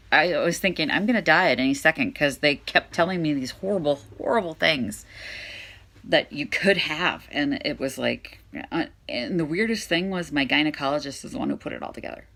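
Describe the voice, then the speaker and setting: A woman with a hoarse voice that fades in and out, talking frankly and with exasperation to camera as a vlog host. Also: sits low, a bit bright. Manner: frank and exasperated, talks directly to viewers. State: hoarse, voice fading in and out. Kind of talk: candid talk to camera.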